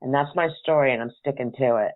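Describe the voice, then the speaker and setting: A woman's voice: very deep voice, fast. A middle-aged woman hosting a radio talk show, chatting and telling stories in a rambling way and laughing often. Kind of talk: casual chat and storytelling. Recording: tinny phone-like line.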